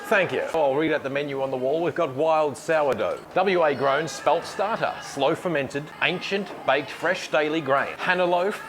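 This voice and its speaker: An Australian vlogger films himself on a handheld camera for a casual walk-and-talk, moving through a bakery and out onto a city street. His voice sits on the high side, moving at a moderate pace with few pauses over background music, as he rambles cheerfully and thanks people again and again.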